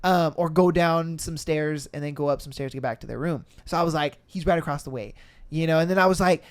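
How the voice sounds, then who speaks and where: Guy on a podcast telling a wild story, voice on the high side, does everyone's lines, swears plenty. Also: brisk, clear, resonant tone. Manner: animated, acts out quotes with shifting pitch and volume, laughs and swears often. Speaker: podcast host. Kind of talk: casual storytelling.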